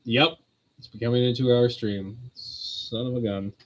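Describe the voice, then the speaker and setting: A man's voice: medium pitch, fairly even intonation, unhurried, rough recording. A man hosting a streamed religious talk, rambling through his points in a casual, conversational way and laughing often. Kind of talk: casual chat.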